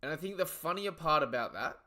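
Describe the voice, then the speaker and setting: Young male streamer, bright forceful voice, excitable and profane, casual reaction chatter. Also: on the high side, brisk. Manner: excitable, slangy, profane, trailing off into asides. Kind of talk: casual live reaction commentary.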